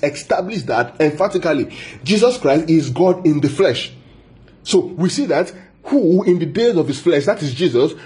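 A man preaching a Bible sermon, repeating phrases for emphasis, asking the listeners questions and stretching key words out slowly. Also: fairly high pitch, a little mellow.

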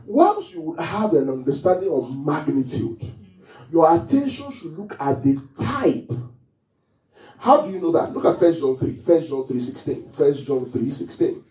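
A man's voice: on the high side, big pitch swings, measured pace, warm tone, soft background music. A man preaching a sermon to his congregation in a church, often asking them questions and waiting for their answers. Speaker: pastor. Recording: echoey hall, mic far off.

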